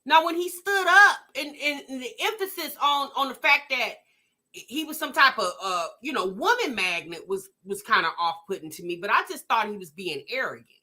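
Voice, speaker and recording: A woman hosting a reaction vlog, talking to her live chat with a high, bright and very ringing voice. She is animated and exclamatory, swinging her pitch widely and stumbling through restarts as she reacts. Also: normal speed. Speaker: vlog host reacting to a video.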